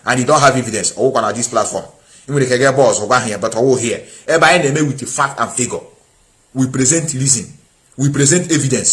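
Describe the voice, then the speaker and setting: Male call-in stream host, combative, hammers points by repeating them, mid-pitched. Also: fairly bright tone. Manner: combative, repeats himself for emphasis. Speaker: live-stream host taking calls. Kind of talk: heated call-in talk.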